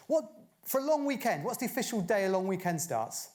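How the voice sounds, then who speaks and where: Fast-talking man giving a conference talk. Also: sits high, sing-song, a little mellow. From Bristol, England. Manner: chatty, fires rhetorical questions at the audience. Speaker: conference speaker. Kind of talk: conference talk to a live audience. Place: conference stage.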